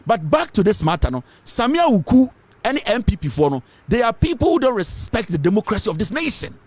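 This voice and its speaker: Brief: Ghanaian male commentator, fiery and emphatic, raised pitch, very animated delivery. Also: fairly quick, dry recording. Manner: fiery, emphatic, repeats points, mixes English with Twi. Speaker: political commentator. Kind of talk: impassioned political commentary.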